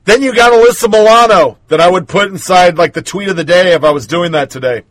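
A man's voice: high voice, quick pace, a bit bright, no room sound. A male host giving punchy, sarcastic opinion commentary as he runs through headlines and poll numbers.

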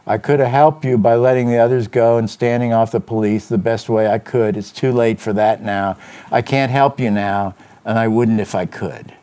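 Man reading hoarse hard-boiled detective, clipped and forceful, warm low timbre. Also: fairly even intonation, moderate pace, natural voice. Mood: bitter. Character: hard-boiled male detective, bitter and cornered.

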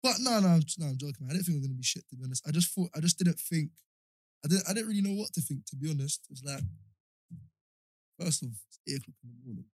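A laid-back young man, talking about his music in a relaxed, easygoing way. He pads his sentences with fillers and laughs a lot, recorded close and dry. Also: fairly high pitch, racing, no echo. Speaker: guest rapper. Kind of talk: casual interview chat.

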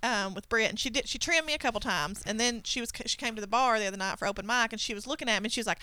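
Bright-voiced woman, profane. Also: on the high side, smooth, dry recording. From Kentucky, US. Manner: profane, storytelling, quick to laugh. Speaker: podcast co-host. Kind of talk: casual chat.

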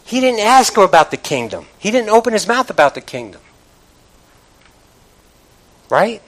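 A man preaching a sermon to a congregation, with call-and-response asides, starting low and building to loud exclamations. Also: big pitch swings, a little fast, poor audio. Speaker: pastor.

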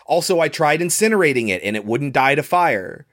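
A man's voice: on the high side, big pitch swings, brisk, fairly bright tone. A man co-hosting a casual podcast, explaining a film's plot in a rambling way with many fillers. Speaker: podcast co-host. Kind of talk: casual movie-recap chat.

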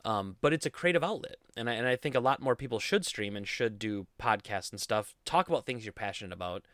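A man's voice: lowish voice, lively intonation, a little fast, bright, forceful tone, dry recording. A young man hosting a casual solo podcast, rambling in a goofy, self-deprecating way into a studio mic. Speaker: podcast host.

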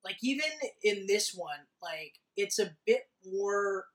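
A man in casual chat about a movie, talking excitedly and swearing a lot. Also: high-pitched, slow, distant mic, low-quality recording. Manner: excited, profane, swears often.

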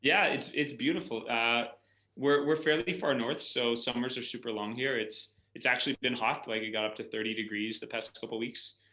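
A man's voice: mid-range voice, fairly even intonation, a little fast, sharp tone. A man, a guest on a podcast interview, easygoing and prone to repeating his words. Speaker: guest, coffee roaster. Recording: roomy echo.

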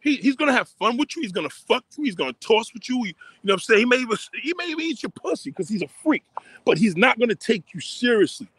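A man's voice: extremely high pitch, sing-song, fast talker, fairly bright tone, husky, no echo. A man ranting profanely and emphatically on a livestream, repeating himself as he talks outdoors on a phone. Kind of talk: casual rant on a livestream.

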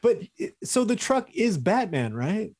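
Husky-voiced man, very animated, quick excitable co-host. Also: sits high. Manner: excitable, laughs often, quick bursts. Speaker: podcast co-host. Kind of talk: casual chat among collectors.

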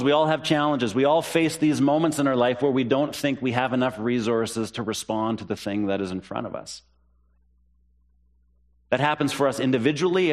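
A pastor preaching a sermon, earnest and repeating key phrases for emphasis. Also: male voice. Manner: rises in pitch when voicing the disciples' questions.

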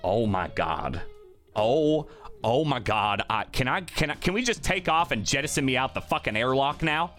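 Annoyed guy ranting in character at the gaming table, bright punchy voice, swings all over the place, some music quietly behind. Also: lively intonation, moderate pace. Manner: exasperated, ranting, swinging from low grumbles to loud outbursts. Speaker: tabletop player. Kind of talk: in-character tabletop role-play.

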